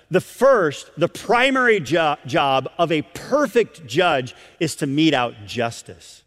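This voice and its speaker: A man preaching a sermon as pastor, emphatic, with dramatic pauses and questions put to the congregation. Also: sits high, fairly bright tone, in a large hall.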